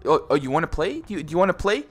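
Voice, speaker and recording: Jokey young man with a lively voice. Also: fairly high pitch, very fast, loud music behind the voice. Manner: jokey, swears a lot, teasing, says bro often. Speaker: gaming YouTuber. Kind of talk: casual horror game commentary.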